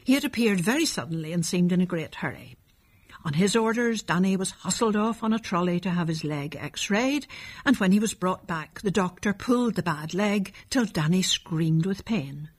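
A woman narrating a children's storybook in a calm, measured reading. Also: fairly low pitch, slightly rough.

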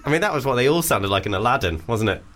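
A man co-hosting a radio show, chatty and prone to giggling. His pitch rises and falls in a lively way as he jokes along with his partner. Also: rapid-fire. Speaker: radio co-host. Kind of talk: casual radio banter. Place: radio studio.

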